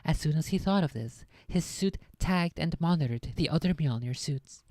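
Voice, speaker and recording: A woman's voice: low voice, lively intonation, moderate pace, a little mellow, dry recording. A woman streamer reading a science fiction novel aloud, breaking off now and then for chatty, laughing asides.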